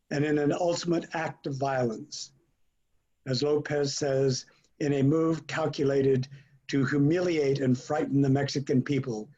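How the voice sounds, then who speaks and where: A man with a husky, slightly breathy voice reads his prepared essay slowly and deliberately. The recording is dull and lo-fi, taken from a conference panel. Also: on the high side, darkish tone. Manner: measured, deliberate reading.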